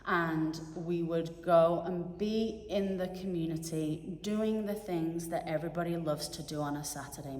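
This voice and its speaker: Earnest middle-aged woman in an echoey chapel. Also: on the low side. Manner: earnest, pausing, searching for words. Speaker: guest speaker giving a reflection. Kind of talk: personal reflection to a congregation. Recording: echoey chapel with long reverb.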